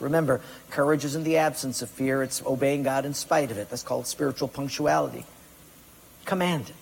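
A man's voice: a little high, fairly quick, gravelly, slightly rough. A man preaching a sermon, emphatic, firing rhetorical questions at his congregation. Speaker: pastor. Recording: long reverb of a large hall.

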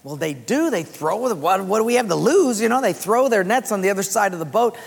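A pastor delivers a sermon in a large auditorium, shifting into conversational, animated storytelling. The voice carries a long reverb that trails through the hall, and the pitch sits in a middle register. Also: brisk, vocal fry, slightly rough.

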